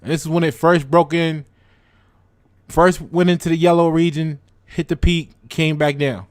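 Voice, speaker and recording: A man's voice: on the high side, little pitch movement, normal speed, no room sound, clean studio sound. Casual man talking stocks to viewers. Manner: conversational, repeats words, addresses viewers directly. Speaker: stock trading channel host. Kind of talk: casual explanatory chat to viewers.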